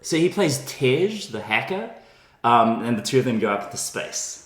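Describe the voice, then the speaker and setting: A man co-hosting a podcast, chiming in quickly and correcting details in a casual film chat. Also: mid-range voice, big pitch swings, fairly bright tone. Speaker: podcast co-host. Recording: roomy echo.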